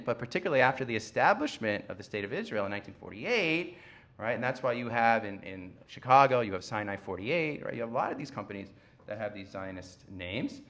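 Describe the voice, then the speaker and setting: Wry male lecturer, lively pitch. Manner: wry, conversational, asks "right?". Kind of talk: public lecture.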